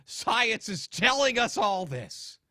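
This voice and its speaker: A man doing an impression of a smug, preachy middle-aged TV science-show host, lecturing in a slow, deadpan way. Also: high voice, no room sound, studio quality, pitched above the performer's own voice, full character voice. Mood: mock lecturing. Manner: slow mock-lecturing, deadpan absurd claims. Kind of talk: comedic impression.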